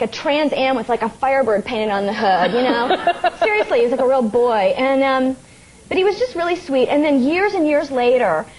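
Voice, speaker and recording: Woman guest on a tv talk show, high voice, acts out every quote, laughs a lot. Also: low-quality recording. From United States. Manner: animated storyteller, laughs often, acts out quotes. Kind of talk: casual chat, telling anecdotes. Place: TV studio with audience.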